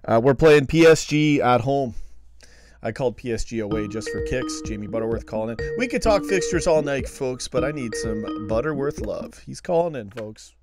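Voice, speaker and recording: A man's voice: mid-range voice, expressive, normal speed, over loud music. A man hosting a live call-in fan show, chatting casually and laughing often at his desk at home. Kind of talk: casual late-night live stream chat.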